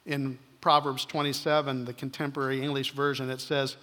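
A male pastor preaching an earnest sermon, slowing down to stress key points and dropping to soft, quiet asides. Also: mid-range voice, level tone. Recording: reverberant hall.

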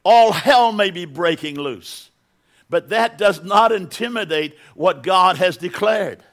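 A man's voice: sits high, animated, takes it slowly, a bit bright. A middle-aged man preaching a sermon as pastor in a church, building to emphatic bursts and repeating words as he goes.

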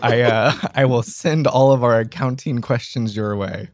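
A man co-hosting a podcast, joking in a dry, deadpan way during casual chat. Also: mid-range voice, normal speed, no echo.

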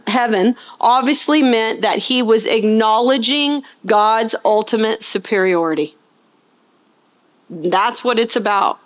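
A woman preaching with a voice pitched a little above most women's. She leans hard on key words and keeps asking the congregation questions, pausing for them to answer before she presses on. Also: fairly bright tone. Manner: asks the congregation rhetorical questions; acts out scenes in funny voices. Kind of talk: sermon.

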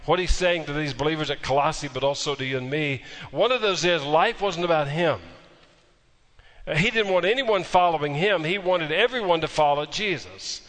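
Pastor preaching in a hall. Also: male voice, fairly high pitch, moderate pace, fairly bright tone. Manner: storytelling with humor, then emphatic preaching. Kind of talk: sermon.

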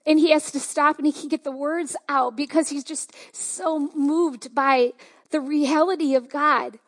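Woman pastor preaching casual-style, high voice, chatty and eager. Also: steady tone, a little slow. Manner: conversational, enthusiastic preaching with fillers. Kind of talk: sermon.

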